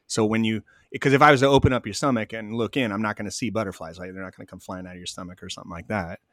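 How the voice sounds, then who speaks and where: A man calmly telling stories in an interview, acting out both sides of each conversation. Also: fairly low pitch, rapid-fire, dry recording, studio quality. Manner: animated, acts out both sides of dialogue. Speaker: guest, spiritual medium. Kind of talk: conversational storytelling.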